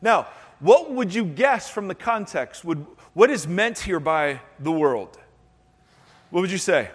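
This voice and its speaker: A man's voice: high-pitched, sing-song, measured pace, slightly rough, big-room sound. A male pastor giving a sermon to his congregation, breaking in with playful joking asides. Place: church sanctuary.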